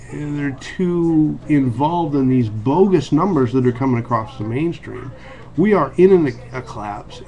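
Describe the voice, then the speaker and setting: Earnest American man, casual vlog monologue, mid pitch, halting with restarts. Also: a little mellow. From United States. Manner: earnest, with frequent restarts and ums. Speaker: video blogger.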